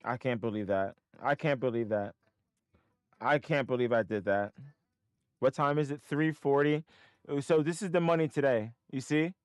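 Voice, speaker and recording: A man's voice: medium pitch, moderate pace, clean tone, no room sound, studio quality. A man streaming live market trades, muttering to himself and breaking into frustrated, swearing outbursts. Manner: self-critical, talking to himself.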